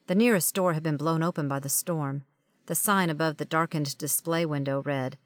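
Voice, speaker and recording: With a low-sitting voice and no room sound at all, a woman narrates a first-person audiobook. Her delivery is wry and conversational, like she's telling a story.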